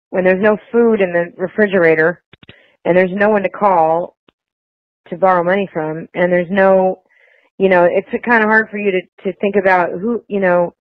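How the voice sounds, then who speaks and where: A woman's voice: fairly low pitch, no echo. A woman guest in a phone interview, talking in an emotional, rambling way with many restarts. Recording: tinny dry phone line.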